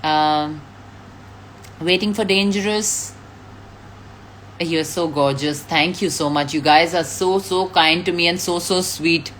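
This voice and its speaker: Woman, live chat, unhurried, lowish voice, reads fan names and laughs. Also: fairly bright tone, slight background noise. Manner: reads out names, thanks fans, laughs often. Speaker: actress on a live stream. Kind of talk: casual live chat reading fan comments.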